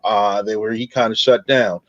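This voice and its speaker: A man's voice: fairly low pitch, steady tone, normal speed, no echo. A man hosting a podcast panel, a supportive listener who chimes in with short affirmations. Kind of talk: casual panel discussion. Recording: slightly dull dry audio.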